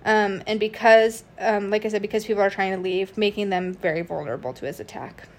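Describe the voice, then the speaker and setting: A woman narrates a true crime case for her podcast at an ordinary middle pitch. She reads loosely from notes, stumbling and restarting with frequent fillers. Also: fairly even intonation, a little fast. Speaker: podcast host.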